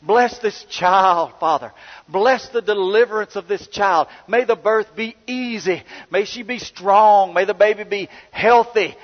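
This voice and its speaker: A quirky little old man cries out a fervent prayer, each plea stretched long and pitched up high, as a preacher puts him on in his sermon. The sound is dull and washes through a long hall reverb. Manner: fervent, drawn-out pleading prayer.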